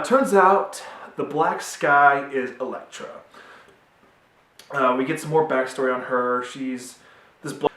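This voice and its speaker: A young man reviews a TV show in a casual, rambling way packed with fillers. He's recorded at home in a roomy space, far from the mic, and his medium-pitched voice has a fairly bright tone.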